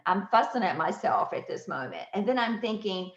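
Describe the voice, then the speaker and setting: A woman hosting a podcast, telling a personal story with lively laughter and acted-out voices. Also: mid-range voice, moderate pace, hardly any pauses. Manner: animated, laughs often, acts out voices. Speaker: podcast host. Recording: roomy, slightly dull audio.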